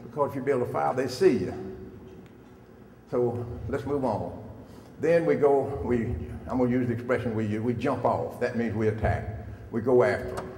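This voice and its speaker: A man's voice: medium pitch, normal speed, warm tone. Older man telling stories in an echoey hall. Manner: folksy, direct questions to the audience. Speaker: guest speaker. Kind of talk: storytelling talk to students. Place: school hall. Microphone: handheld microphone. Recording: echoey hall, faint noise.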